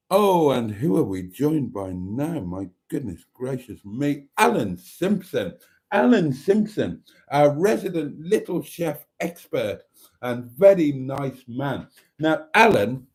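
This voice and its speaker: A man's voice: mid-range voice, a little mellow. A man hosting a live stream, chatting casually as he reads out viewer comments in a camp, teasing way with frequent laughs.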